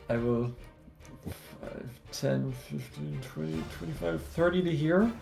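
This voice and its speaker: A player in a tabletop game, animated and quick to laugh. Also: medium pitch, vocal fry, faint music behind.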